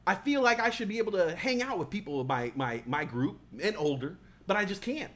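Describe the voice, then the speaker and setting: Talk show host, male, thirties, high-ish pitch, loose profane storyteller who slips into voices. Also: animated, a little fast, a bit bright. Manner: profane, rambling, acts out party voices. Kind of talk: casual comedic storytelling.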